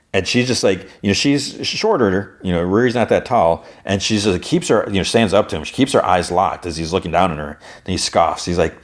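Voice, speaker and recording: A man with a deep, low voice talks through an episode recap in a loose, conversational way. He rattles off the characters' lines one after another and leans on fillers as he goes. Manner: recounts scenes with quick quoted dialogue, many fillers. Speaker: podcast host.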